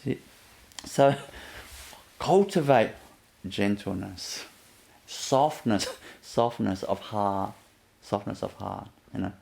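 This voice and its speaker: A man giving a gentle inspirational talk as a spiritual teacher, often laughing softly and leaning on "you know" as he repeats himself. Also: lowish voice, slow pace, vocal fry, long pauses. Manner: repetitive, fills with "you know".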